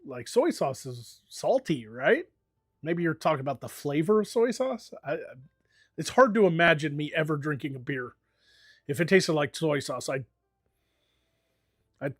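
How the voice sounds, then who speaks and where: A man's voice: a little high, a bit bright, slightly rough, no room sound, clean studio sound. An American man streaming and chatting casually, telling rambling, profane stories with lots of fillers. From United States. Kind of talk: casual chat.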